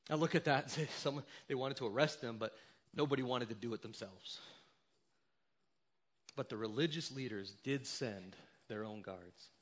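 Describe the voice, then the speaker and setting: A man's voice: fairly high pitch, fairly bright tone. A man preaching a sermon to his church, emphatic and rhetorical, often checking in with the congregation. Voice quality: emphatic, rhetorical, repeated "right?". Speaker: pastor.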